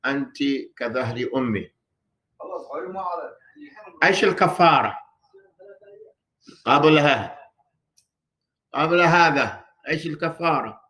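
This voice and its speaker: This man's mid-range, fairly bright voice moves at a quick pace with frequent pauses as he teaches a religious class in a mosque hall. Classroom-style, he poses rhetorical questions to listeners and repeats phrases for emphasis.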